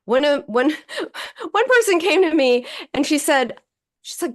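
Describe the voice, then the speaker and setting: A woman's voice: sits high, big pitch swings, measured pace. A woman psychoanalyst speaking as a guest on a podcast interview, explaining her ideas and acting out quoted self-talk.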